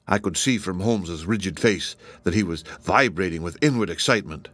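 Bright-voiced male audiobook narrator. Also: low-pitched, a little fast, few pauses, no room sound. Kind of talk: reading a mystery story aloud.

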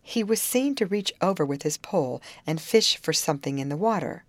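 A woman reading a children's novel aloud as an audiobook narrator, in an expressive storytelling way. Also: low voice, a little fast, dry recording. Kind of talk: scripted narration.

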